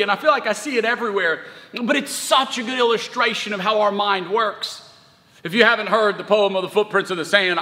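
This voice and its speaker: High, bright-voiced pastor in his thirties. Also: in a large hall. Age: 30s. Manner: animated storytelling, conversational with emphatic surges. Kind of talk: sermon.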